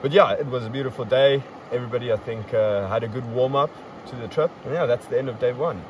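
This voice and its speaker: Recording a casual podcast outside, a young man speaks fast at medium pitch, cheerfully bragging as he recaps his river trip. Traffic can be heard, and the mic sits at a distance.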